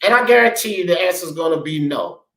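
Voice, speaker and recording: A man's voice: high voice, lively intonation, fast talker, fairly bright tone, roomy sound, low-quality recording. A man hosting a talk show, ranting bluntly and profanely in heated commentary. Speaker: sports talk show host.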